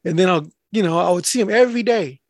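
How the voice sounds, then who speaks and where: A man's voice: high-pitched, fast talker, dry recording, studio quality. A man who works as a mail carrier, telling a rambling story in casual chat and swearing freely.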